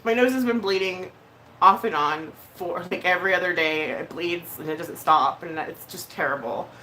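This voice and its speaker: A woman with a bright, forceful voice talks to her live-stream viewers in a blunt, heated way. She swears freely and hesitates on fillers as she speaks. A faint noise sits behind her. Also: on the low side, normal speed. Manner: emotional, hesitant with many fillers. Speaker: vlogger. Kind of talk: casual live-stream chat.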